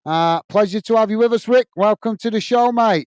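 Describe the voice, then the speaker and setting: A man's voice: high voice, a little fast, slight background noise. A man hosting a live football watch-along, reading out viewer messages with friendly fillers and calling the play. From United Kingdom. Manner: excited goal call.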